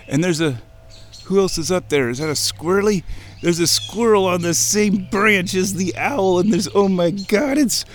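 Man, unhurried excited nature vlogger, outdoor camera mic, birdsong in the background. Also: fairly high pitch, a little hiss or hum. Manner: excited, chatty, self-talking. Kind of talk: casual outdoor narration. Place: outdoors by a wooded creek.

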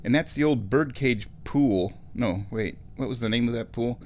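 A man from Omaha, Nebraska, telling a rambling, nostalgic story in a casual monologue, chuckling often and clearing his throat. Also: mid-range voice, moderate pace, darkish tone. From Omaha, Nebraska, USA.

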